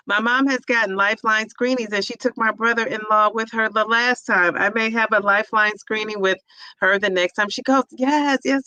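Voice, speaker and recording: Bright, chatty woman hosting a livestream. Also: medium pitch, clear, resonant tone, no room sound, highs cut off. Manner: chatty, laughs often, drawn-out sing-song repeats of names. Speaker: livestream host and teacher. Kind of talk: casual livestream chat reading viewer comments.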